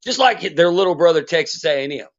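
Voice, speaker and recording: A man ranting bluntly and profanely as a podcast host, in loose casual talk. His voice sits somewhat high. The recording sounds dull and lo-fi. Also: expressive, fast talker. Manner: profane, blunt sports rant.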